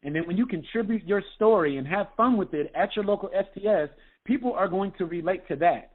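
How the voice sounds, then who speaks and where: A man, a health coach, giving an energetic motivational talk on a group call, often checking in with "okay?". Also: sits high, brisk. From United States. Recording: tinny phone line.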